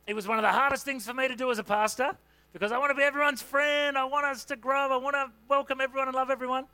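A man who is a senior pastor, preaching a sermon in a relaxed, conversational way with lots of "you know" fillers. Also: extremely high pitch, racing, smooth.

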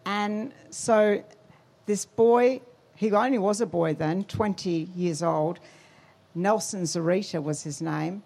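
A woman giving a sermon testimony, telling her story with animated quotes and emphasis. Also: mid-range voice, takes it slowly, creaky. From Australia.

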